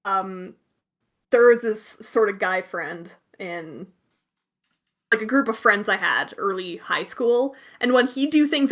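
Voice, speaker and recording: A woman's voice: medium pitch, fairly bright tone. A young woman co-hosting a podcast in casual chat on her computer mic, laughing a lot as she tells stories. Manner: giggly, laughs often. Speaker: podcast co-host.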